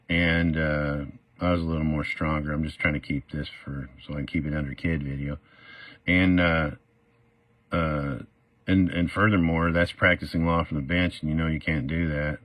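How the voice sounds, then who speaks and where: A man's voice: very deep voice, little pitch movement, moderate pace, fairly bright tone, no echo. A middle-aged man telling his own story in a casual, rambling way, full of fillers and acted-out quotes. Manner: rambling, many "uh" fillers, acts out quoted voices.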